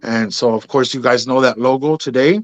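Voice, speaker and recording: A man's voice: mid-range voice, normal speed, no room sound. A man on an interview show, casually telling his story, calling people "bro" and "man" and acting out the dialogue he quotes. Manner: laid-back, drops in "bro" and "man", acts out quoted dialogue. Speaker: podcast host telling his story as a guest.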